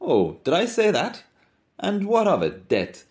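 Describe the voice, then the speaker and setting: A man voicing a brash, mocking young man who teases loudly and theatrically in a storybook reading. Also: high-pitched, huge pitch swings, a little slow, voice pushed up, exaggerated voice. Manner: loud, teasing, theatrical.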